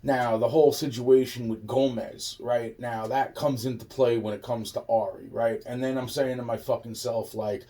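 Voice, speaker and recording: A man's voice: medium pitch, steady tone, moderate pace, few pauses, warm tone, recorded from a distance. A man in a rambling, profane monologue, restarting his sentences again and again.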